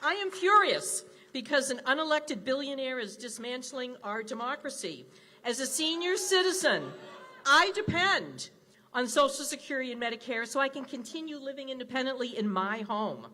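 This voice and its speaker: Older woman, 60s, high bright voice, indignant rally speaker on a podium mic. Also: sing-song, moderate pace. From Wisconsin. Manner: indignant, rousing. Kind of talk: fiery rally speech. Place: large indoor rally with crowd.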